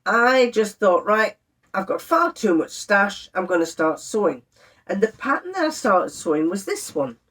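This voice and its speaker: A woman's voice: medium pitch, moderate pace. Chatty woman telling a story. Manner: chatty, exasperated, animated when quoting others. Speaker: sewing vlogger. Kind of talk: casual storytelling to camera.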